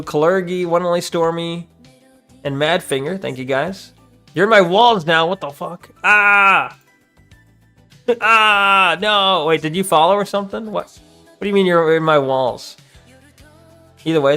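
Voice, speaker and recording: A man's voice: high voice, fairly bright tone, clean tone. A young man streaming, chatting casually and rambling with a profane, joking manner as he reads his chat.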